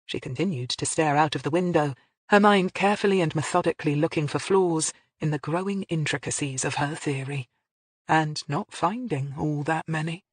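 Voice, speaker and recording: A measured audiobook narrator reading a crime novel, at a middling pitch. The sound is dry and close, with no room around it. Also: breathy edge, no echo. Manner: measured storytelling.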